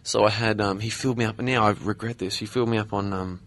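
A man's voice: lowish voice, steady tone, fast talker, a bit bright, a little hiss or hum. A man, a podcast guest, telling a story in a laid-back way with dry asides.

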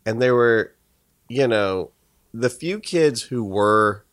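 Male comedy podcaster, lively and profane storyteller, dry studio sound. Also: mid-range voice, takes it slowly, no room sound. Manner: profane, animated storytelling with mock voices. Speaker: podcast co-host. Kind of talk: casual comedic chat.

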